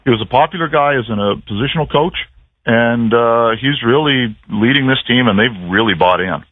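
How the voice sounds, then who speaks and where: A man's voice: medium pitch, moderate pace, dry recording. A man calling in to a radio show as a sports broadcaster, telling stories in a rambling, dryly self-mocking way. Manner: rambling storyteller, dry self-mocking humor. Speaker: team play-by-play broadcaster on a call-in guest spot. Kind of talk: casual radio chat. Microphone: phone. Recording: tinny phone line.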